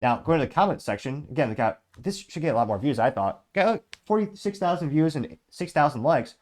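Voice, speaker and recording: A man hosting his own political commentary show, reading out viewer comments in a rapid, blunt and sarcastic way while running on lots of coffee. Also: a little high, animated, a little mellow. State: over-caffeinated. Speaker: host.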